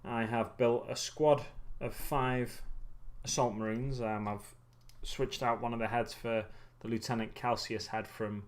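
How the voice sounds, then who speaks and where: The host of a hobby livestream talks casually as he assembles miniatures, his mid-pitched, ordinary voice showing little pitch movement at a measured pace. Growing tired, he muses in a rambling way, full of ums, trailing off and correcting himself.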